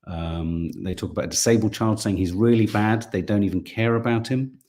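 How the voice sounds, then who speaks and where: A man's voice: lowish voice, brisk, darkish tone. A middle-aged man, co-hosting a casual live stream, chatting and reading viewer comments while thinking aloud with frequent restarts.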